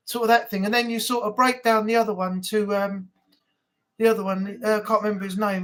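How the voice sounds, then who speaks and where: A man's voice: high-pitched, flat delivery, a little fast, a bit bright, poor audio. Chatty man rambling on stream. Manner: rambling, chatty, many fillers. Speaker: live chat host. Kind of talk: casual live-stream chat. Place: home room.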